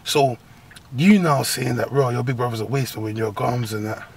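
A man giving comic advice as a host, in a profane, slang-heavy rant full of laughs and sudden high squeals. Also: normal speed, creaky, slightly rough. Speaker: agony-uncle comedy host.

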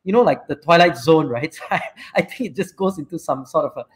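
A man's voice: on the high side, brisk. A man with a Malaysian English accent hosting a casual live-stream chat. He rambles freely, tagging sentences with "right?" and lots of fillers. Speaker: show host and company CEO.

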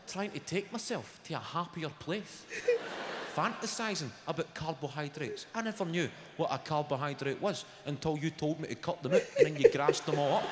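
A Scottish stand-up comedian spins an animated, foul-mouthed story in a slightly high voice. The live venue rings with echo, and loud crowd noise sits under every line. He sounds recorded from a live show rather than a studio. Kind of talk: stand-up routine.

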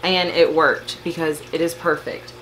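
Slow-talking emotional woman vlogger. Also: sits low, level tone, a bit bright, slight background noise, low-quality recording. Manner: gushing, overwhelmed and emotional. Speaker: plant vlogger. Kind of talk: casual unboxing vlog.

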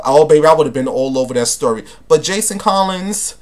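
A man's voice: on the high side, expressive, fairly quick, hardly any pauses, a bit bright, soft background music. A man hosting a casual celebrity gossip vlog, talking in a sassy, flamboyant, camp way and calling his viewers honey and baby. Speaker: vlogger.

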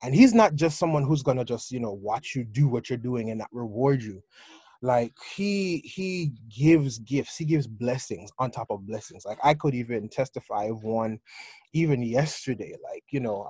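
Enthusiastic young man testifying, mellow voice. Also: mid-range voice, husky, no room sound. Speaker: youth leader. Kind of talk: answering interview questions.

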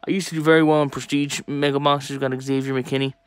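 Young man, casual card-opening vlog, chatty, excitable, talks to his viewers. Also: mid-range voice, quick pace, clear, resonant tone, no echo. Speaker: sports card collector opening packs.

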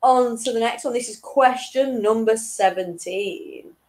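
A woman's voice: fairly high pitch, a little slow, darkish tone, slight background noise, poor audio. A young woman hosting an online quiz in a chatty, casual way, chuckling between questions. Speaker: quiz host.

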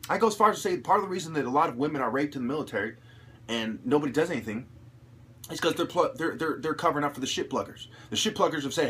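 Husky man in a profane rant. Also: fairly high pitch, expressive, rapid-fire. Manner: profane, aggressive ranting, rising to shouts. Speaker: channel host. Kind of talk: angry monologue to camera.

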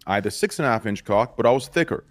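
A man's voice: medium pitch, expressive, rapid-fire. A young man joking crudely in a laid-back way during a casual stream chat. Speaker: streamer friend.

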